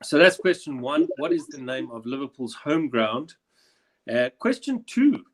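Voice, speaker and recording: A young South African man hosting a comedy quiz over a video call, chatty and animated as he tells stories. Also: mid-range voice, unhurried. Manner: chatty, animated anecdote-telling. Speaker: quiz host. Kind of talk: casual quiz hosting and storytelling.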